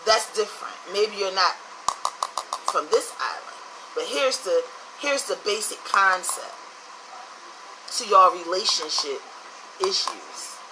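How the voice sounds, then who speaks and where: A woman's voice: mid-range voice, animated, slow, long pauses, background noise. A woman from the United States giving blunt, profane relationship advice in a casual monologue.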